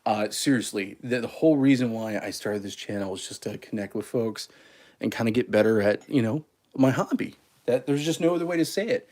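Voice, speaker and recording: A man's voice: fairly low pitch, brisk, darkish tone. Chatty self-mocking man. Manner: self-deprecating, chatty, laughs at himself. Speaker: coffee channel host. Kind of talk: casual livestream chat while making espresso.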